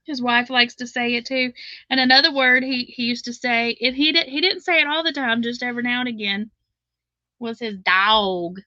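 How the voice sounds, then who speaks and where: A woman's voice: a little high, steady tone, normal speed, pushed and bright, dry recording, lo-fi sound. A middle-aged woman with a Southern drawl, chatting casually as host of a live crochet stream, laughing often and reading viewer comments aloud.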